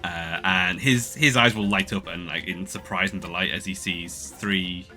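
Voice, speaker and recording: A man's voice: deep voice, moderate pace, pushed and bright, faint music behind. A man narrating a tabletop role-playing game as game master, casual and meandering, with many fillers.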